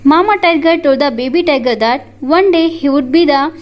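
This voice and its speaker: A woman with an Indian English accent reading a short text aloud to children in a steady, deliberate voice. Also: high voice. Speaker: reader of the lesson.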